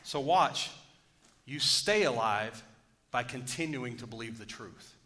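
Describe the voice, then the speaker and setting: A man's voice: medium pitch, lively intonation, takes it slowly, sharp tone. A man preaching a sermon, joking with the congregation and asking for amens. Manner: joking, call-and-response preaching. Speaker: pastor.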